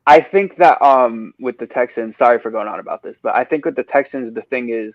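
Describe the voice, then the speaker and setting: A man's voice: medium pitch, fairly quick, no room sound, narrow, tinny audio. A man giving sports betting picks on a podcast, ranting and swearing, then apologizing for it. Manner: ranting, profane, apologetic asides. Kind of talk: casual sports betting talk. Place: a different place than usual.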